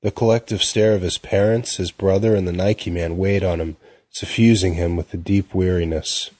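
A man narrating an audiobook in a steady, measured way. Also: low-pitched, slightly rough, no echo.

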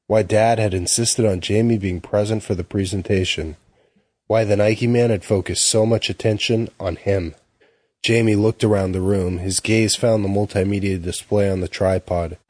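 A man narrating an audiobook in a steady, measured way. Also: fairly low pitch, no room sound.

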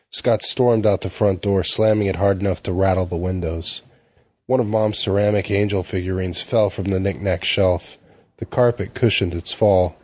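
A man narrating an audiobook in a steady, measured way. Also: low voice, no echo.

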